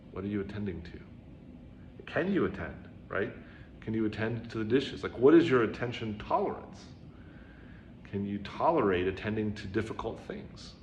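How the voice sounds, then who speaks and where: A man with a lowish, somewhat dark voice gives a casual Zen dharma talk, chatting along with lots of "right?" and "you know" asides and getting louder when he acts out quoted dialogue. The recording has a roomy echo and faint background noise.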